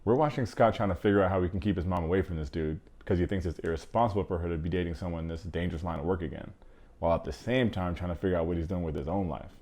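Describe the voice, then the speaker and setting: A man with a low, deep voice hosts a movie review. He talks fast and loose, in a casual, slangy way with quick joking asides. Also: mellow.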